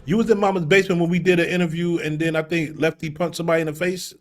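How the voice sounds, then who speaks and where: A man hosting a casual interview, asking questions in a relaxed, slangy way and hyping up his guests. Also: fairly high pitch, very fast. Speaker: interview host.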